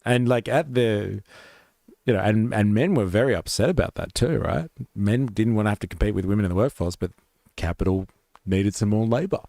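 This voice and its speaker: Low man, gravelly, rambling, filler-heavy, dry close sound. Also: a little fast, mellow, no room sound. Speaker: live stream host. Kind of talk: casual commentary reacting to clips.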